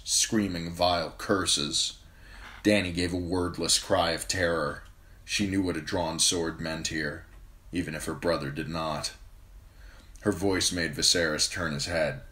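Man, amateur audiobook reader, deep voice, steady even narration. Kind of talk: reading a fantasy novel aloud.

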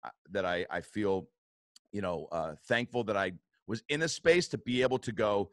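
A man's voice: lowish voice, normal speed, a bit bright, no echo, studio quality. A man hosting a podcast, telling a story casually, swearing often and acting out what people said with bursts of laughter. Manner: swears a lot, acts out quotes, laughs often. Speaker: podcast host.

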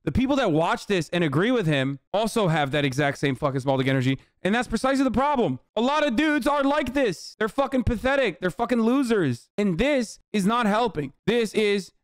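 Young guy streamer ranting hard, lots of swearing, smooth clear voice, dead dry sound. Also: sits high, sing-song, fairly quick, few pauses, no room sound. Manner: blunt, profane, ranting. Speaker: streamer reacting to clips. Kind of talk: casual commentary.

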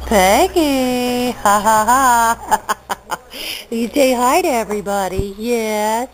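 A woman's voice: medium pitch, very slow, long pauses, rough recording. A woman in her living room at home, talking playfully to her dog in cooing, giggly, sing-song baby-talk. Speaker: dog owner showing a dog for adoption.

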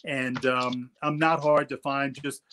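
A man's voice: mid-range voice, level tone, slow pace, bright, forceful tone, slight background noise. A middle-aged man, an attorney guest, telling stories in casual interview talk and often repeating words as he goes.

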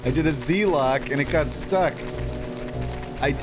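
Speaking slowly in a voice on the high side, a man plays a video game live and chats easily with viewers, answering what they post. Game music can be heard behind him.

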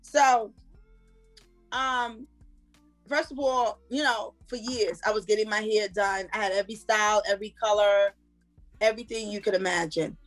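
A woman guest in a podcast interview, telling a personal story in an animated, laughing way. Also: medium pitch, moderate pace, soft background music.

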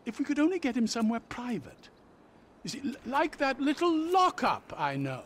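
An actor playing an eccentric, excitable older English man who is an obsessive celebrity fan, in video game dialogue. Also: very high-pitched, moderate pace, slight background noise, full character voice. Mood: giddy. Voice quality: plummy, fussy and excitable. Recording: loud game music underneath.

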